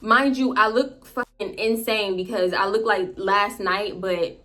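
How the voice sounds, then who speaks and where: A young woman vlogger telling a story to camera, animated and profane, calling her viewers "y'all". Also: mid-range voice, a little slow. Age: young adult.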